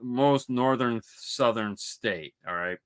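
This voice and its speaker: A man's voice: medium pitch, takes it slowly, smooth. A man from Michigan, co-hosting a podcast in casual, rambling, joking chat. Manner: joking, rambling, with mock voices. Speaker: podcast co-host.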